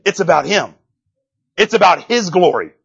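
High-voiced man preaching casually. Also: lively intonation, normal speed, creaky, fairly bright tone, husky, dull audio. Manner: conversational, keeps asking "right?"; folksy, joking slang. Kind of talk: casual sermon. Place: church.

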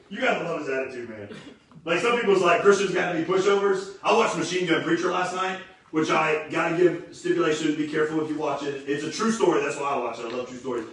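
A man preaches in a loose, animated sermon full of slang, stumbling over repeated words as he drives his points. His voice sits high. He is heard from a distance in a very echoey room. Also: fast. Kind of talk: casual energetic sermon.

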